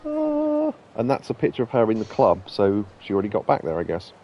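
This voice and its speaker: A man's voice: fairly low pitch, huge pitch swings, fairly quick, warm tone, muffled recording, a little hiss or hum. A man hosting a let's play, talking casually and rambling through anecdotes while he plays. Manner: chatty, rambling, laughs at his own stories. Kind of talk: casual gameplay commentary.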